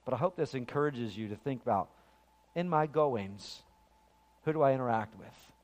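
A male pastor preaching a sermon with passion, swelling to loud peaks and then falling quiet. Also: medium pitch, expressive, moderate pace, long reverb tail, muffled recording.

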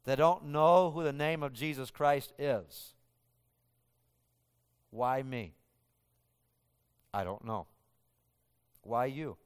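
American guy preaching, smooth resonant voice, swings loud then quiet, long echo of a hall. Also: mid-range voice, takes it slowly, pauses often. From United States. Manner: preaching with dramatic swings between loud and hushed. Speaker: pastor. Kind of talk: sermon.

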